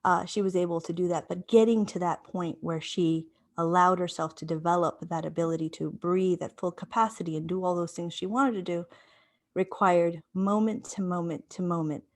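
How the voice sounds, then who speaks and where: A woman's voice: lowish voice, darkish tone. A woman giving a public talk, telling a personal story in repeated, rhythmic phrases and often checking in with her listeners. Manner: checks in with listeners, asking "right?". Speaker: invited speaker.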